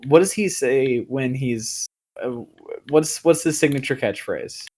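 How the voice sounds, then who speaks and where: A man co-hosting a podcast over a remote call, talking casually with relaxed joking and stumbling restarts. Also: mid-range voice, a little slow. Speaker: podcast co-host. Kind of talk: casual chat.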